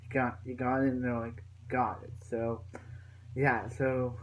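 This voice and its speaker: A man's voice: mid-range voice, level tone, a little slow, rough recording. Young guy rambling thru a show recap, lots of "so yeah" and restarts, faint hum behind. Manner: rambling, many fillers and restarts. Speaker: reviewer. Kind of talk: casual episode recap.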